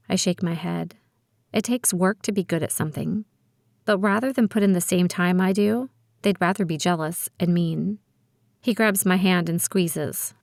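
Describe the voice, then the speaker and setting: A woman reading a teen spy thriller audiobook aloud in the first person, with brisk, expressive storytelling. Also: fairly low pitch, no echo, studio quality. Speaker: audiobook narrator. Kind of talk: first-person scripted narration.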